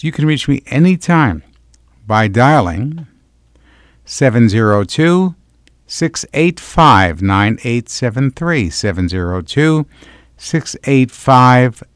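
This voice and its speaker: A man's voice: medium pitch, dry recording, studio quality. A man hosting a late-night radio show, chatting effusively with listeners and repeating his contact details. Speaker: radio talk show host.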